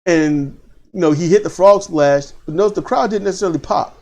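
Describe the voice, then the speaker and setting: A man hosting a casual wrestling commentary, animated and opinionated, repeating phrases for emphasis. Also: sits high, fairly quick. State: choked up.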